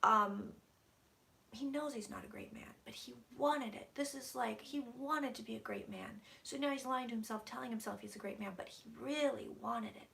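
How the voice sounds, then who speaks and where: A woman's voice: a little high, normal speed, gravelly, hardly any pauses, pushed and bright. A woman psychic channeling on a live stream from her room, talking intensely, dropping to whispers and swearing freely. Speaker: psychic reader.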